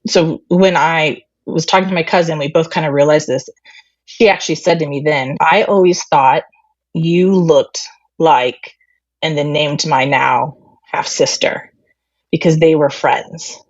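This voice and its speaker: A woman with a low voice and fairly even intonation speaks a little slowly on a dry recording with the highs cut off. As an interview guest, she candidly recounts a family story, retelling conversations with lots of fillers.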